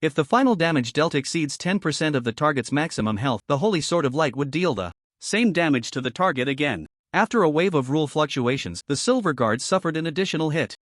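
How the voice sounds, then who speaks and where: A man narrating a fantasy story recap in a dramatic, expressive storytelling manner. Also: on the high side, a little fast, dry recording, clean studio sound.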